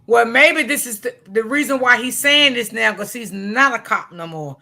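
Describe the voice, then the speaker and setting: A woman's voice: fairly high pitch, moderate pace, vocal fry, pushed and bright. An older woman and grandmother giving casual commentary on a stream, emphatic and repeating her points.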